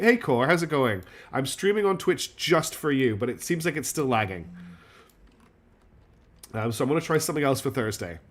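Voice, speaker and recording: A man streaming a strategy game, chatting and thinking aloud in a casual, self-deprecating way. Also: mid-range voice. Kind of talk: live game commentary.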